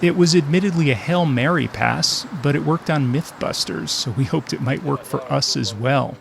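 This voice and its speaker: A man's voice: a little high, moderate pace, creaky, noisy background. A man narrating his travel podcast in a scripted, wry storytelling manner with dry humor.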